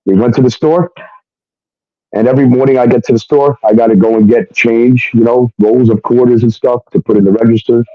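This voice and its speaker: Man, casual storytelling, profane, animated quoted dialogue, dry lo-fi audio. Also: mid-range voice, fairly quick, no echo. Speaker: guest telling his story.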